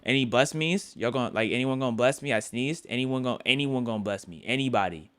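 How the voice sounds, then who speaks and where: A man's voice: mid-range voice, fast. A man live-streaming his reaction to a video in casual, playful chat, often repeating words for laughs.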